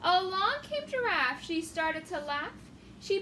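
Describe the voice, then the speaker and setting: A young woman reading a rhyming children's picture book aloud, expressive and singsong. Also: extremely high pitch, slow, recorded from a distance, a little hiss or hum. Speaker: children's story reader.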